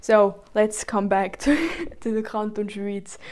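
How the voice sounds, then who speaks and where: Woman, Swiss German accent, slow unhurried delivery, hesitant, full of fillers, medium pitch. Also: little pitch movement, a little mellow. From Switzerland. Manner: hesitant, many "like" and "um" fillers, slips into German words. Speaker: presenter. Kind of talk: informal spoken presentation.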